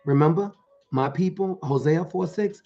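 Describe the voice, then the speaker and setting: A man with a gravelly, rough-edged voice preaches motivation to his listeners in rhythmic, rhyming bursts. He keeps asking them whether they are following along. The sound is dull and lo-fi, with faint music underneath. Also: a little high, normal speed, dark tone. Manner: rhythmic, rhyming phrases with frequent calls to listeners. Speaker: motivational preacher and life coach. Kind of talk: motivational preaching to an online audience.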